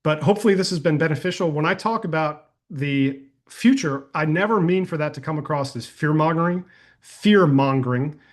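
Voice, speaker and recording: An energetic man hosts a live coaching call and answers attendee questions in a folksy, conversational way. His voice sits a little high for a man, and he talks with loose, friendly enthusiasm. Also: fairly quick, few pauses. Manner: energetic and folksy, uses "y'all", tells anecdotes. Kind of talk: casual webinar Q&A.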